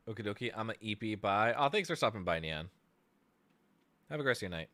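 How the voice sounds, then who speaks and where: Rambling low-voiced man streaming. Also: huge pitch swings, moderate pace, a bit bright. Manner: rambling, self-deprecating, thinks aloud while searching. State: sleep deprived. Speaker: streamer and musician. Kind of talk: casual live stream chat.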